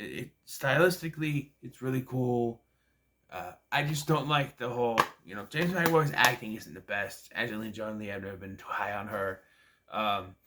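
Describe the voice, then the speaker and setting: A man's voice: medium pitch, fairly bright tone. Drowsy guy vlogging his movie rankings, rambly and loose, mid-range voice. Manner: rambling, yawning, lots of fillers. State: sleepy. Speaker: movie reviewer. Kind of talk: casual vlog movie ranking.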